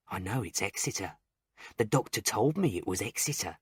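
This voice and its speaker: A man's voice: lowish voice, animated, normal speed, slightly rough, dry recording, studio quality. A man narrating a graded-reader story for English learners in a plain, carefully spaced way, with short sentences.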